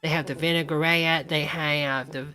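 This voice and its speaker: A woman's voice: deep voice, steady tone, unhurried, sharp tone. An older woman, hosting a casual live stream and chatting folksily with viewers, calling everyone honey.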